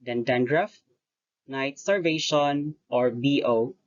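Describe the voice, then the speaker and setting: Teacher, recorded lesson, slow and measured, short phrases, corrects own wording, muffled lo-fi sound. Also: mid-range voice. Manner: deliberate, pauses often between phrases, corrects own wording. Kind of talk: recorded lecture-style lesson. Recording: dull lo-fi voice recording.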